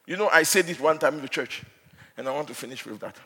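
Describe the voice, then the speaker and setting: A male preacher giving an impassioned sermon, dropping to hushed asides and rising to shouts. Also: fairly high pitch, lively intonation, quick pace, slightly rough, big-room sound. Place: church hall.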